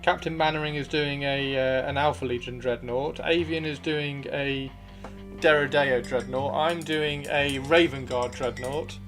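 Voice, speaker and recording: A man's voice: mid-range voice, fairly even intonation, unhurried, over music. A man hosting a casual livestream, reading out viewer comments, playful and chatty, swearing freely and repeating himself. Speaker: livestream host.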